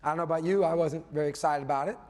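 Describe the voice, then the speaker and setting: A man giving a motivational keynote as a business coach, animated, swinging between loud emphasis and hushed asides, often tagging points with "okay?". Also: a little high, very fast. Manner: tags points with a questioning "okay?". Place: conference hall before a live audience. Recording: long reverb of a large hall.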